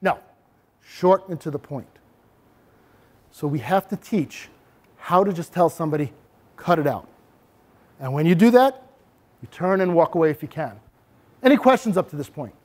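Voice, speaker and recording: A middle-aged man giving a presentation to parents on bullying, demonstrating calm, assertive speech to his audience. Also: fairly high pitch, moderate pace, long pauses.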